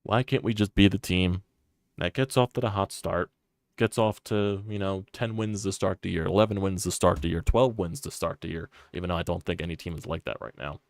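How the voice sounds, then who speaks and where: Young man ranting on a stream, low voice. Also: fairly quick, no echo. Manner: frustrated, profane, repetitive. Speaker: sports streamer.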